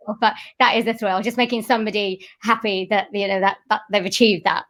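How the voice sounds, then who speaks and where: A woman's voice: medium pitch, fairly even intonation, brisk, a bit bright. A woman voice-over artist and singer talking through her work in a casual interview, reflective and rambling with many restarts.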